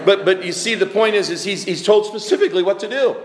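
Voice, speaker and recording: A man preaching a sermon in a conversational, emphatic way. His speaking voice sits a little high for a man. He is heard in a roomy church hall with a long, echoing reverb. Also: fast. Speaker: pastor. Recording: echoey hall.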